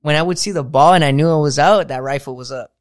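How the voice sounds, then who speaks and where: A young man hosting a casual podcast interview, excitable and full of slang, laughing often. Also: on the high side, quick pace, no room sound, clean studio sound. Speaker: podcast host.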